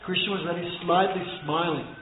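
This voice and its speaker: A man's voice: high-pitched, steady tone, moderate pace, a little hiss or hum. Man teaching scripture over a tinny line. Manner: storytelling, chants verses, laughs softly. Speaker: spiritual teacher. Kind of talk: scripture class lecture. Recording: echoey room over thin phone-like line.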